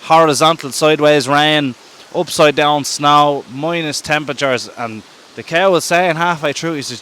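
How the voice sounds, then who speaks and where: An Irish podcast host telling a story casually while walking outdoors in the woods, filming himself and often correcting himself. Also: male voice, on the high side, moderate pace, a bit bright, a little hiss or hum. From Ireland. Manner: chatty, rambling, self-correcting. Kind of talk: casual storytelling on a woodland walk. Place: outdoor woodland walk. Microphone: self-held camera while walking.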